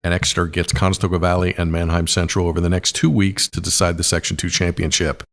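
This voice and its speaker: A man with a hoarse, raspy voice, hosting a casual sports podcast with quick picks, lots of fillers and exclamations of wow. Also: deep voice, little pitch movement, fairly bright tone.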